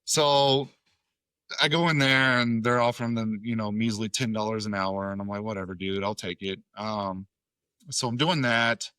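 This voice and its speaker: Bright-voiced man swearing through a story. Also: lowish voice, steady tone, normal speed, clean tone, no echo. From Tennessee, USA. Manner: profane, acts out quoted dialogue. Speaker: podcast guest, Air Force veteran. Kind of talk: casual storytelling.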